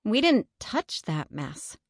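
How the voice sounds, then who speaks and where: A woman reading aloud, voicing a cautious, serious girl who speaks slowly. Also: sits high, expressive, no echo, studio quality, voice pushed up. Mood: earnest. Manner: slow and earnest.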